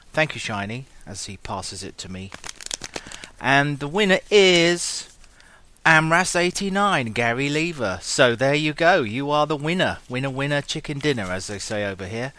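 A man's voice: medium pitch, sharp tone. A man hosting a community segment, giving a chatty, jokey announcement. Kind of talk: pre-recorded casual announcement.

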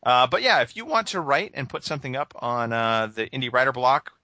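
A man chats loosely on his gaming podcast, cracking jokes and leaning on lots of fillers. He speaks briskly at a medium pitch, his voice pushed and bright, in a dry recording.

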